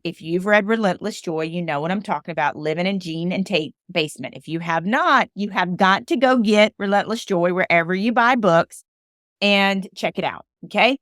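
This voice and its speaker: A woman from Alabama speaks as a motivational storyteller in a somewhat low voice. She presses her points by repeating short phrases. The sound is dry and close. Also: fairly bright tone, no echo. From Alabama, USA. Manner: emphatic, repeats phrases for emphasis. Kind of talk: personal storytelling monologue.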